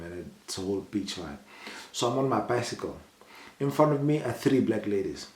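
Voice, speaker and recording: A young man from South Africa telling personal stories to camera in a casual vlog, acting out the people he quotes with a raised voice. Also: reverberant. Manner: animated retelling, voices the people he quotes with rising pitch. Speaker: vlogger.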